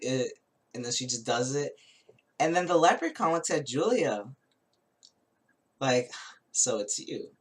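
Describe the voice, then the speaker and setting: A man giving a casual spoken tarot reading, rambling and halting, with many restarts and little chuckles as he recounts a show. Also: mid-range voice. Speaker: tarot reader.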